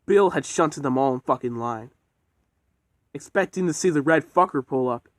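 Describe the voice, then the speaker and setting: A man's voice: on the high side, normal speed, dry recording. A man casually narrating a homemade train story, rambling and swearing as he goes. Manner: rambling and profane.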